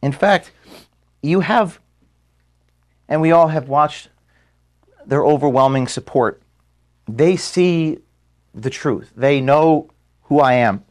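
Filmed in an office room, an organization's founder gives a farewell speech to his staff in a fairly high-pitched voice. Close to tears, he speaks haltingly and stops to apologize.

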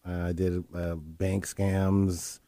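A man's voice: low voice, flat delivery, takes it slowly, mellow, no echo. A man, a guest on a talk show, candidly telling his life story and often repeating his phrases. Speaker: interview guest.

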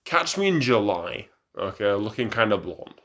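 A man's voice: lowish voice, big pitch swings, normal speed, fairly bright tone. Rambling tipsy young man. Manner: rambling, stumbling restarts. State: tipsy from drinking. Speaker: podcast co-host. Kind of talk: casual chat.

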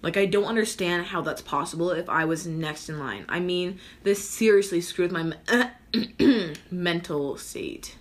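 A woman's voice: on the low side, unhurried, natural voice. A woman playing a snarky teenage prince. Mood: sarcastic. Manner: sarcastic, exasperated, talks to viewers like a vlogger. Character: sulky teenage male prince, snarky and whiny. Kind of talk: comedic student skit.

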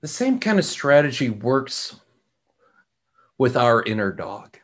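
A middle-aged man hosting a reflective talk, speaking in a slow, measured way with frequent pauses and repeated words. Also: medium pitch, sing-song, a bit bright. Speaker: podcast host.

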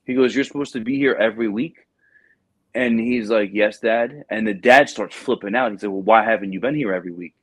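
A man hosting a casual chat, telling a recruiting story with lively acted-out quotes and plenty of "bro". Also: lowish voice, fairly quick, husky, no room sound. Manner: animated storyteller, acts out quotes, says "bro". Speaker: podcast host, Marine recruiting staff sergeant.

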